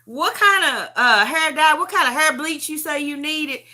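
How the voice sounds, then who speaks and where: A woman's voice: high-pitched, moderate pace, bright, forceful tone, voice pushed up. A woman voicing her teasing grown daughter in a raised, playful voice over a phone livestream. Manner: teasing, laughing.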